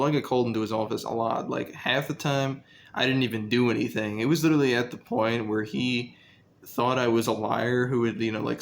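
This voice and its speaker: A man's voice: medium pitch, a little hiss or hum. A young man casually telling a story about his school days, rambling and profane, with lots of fillers.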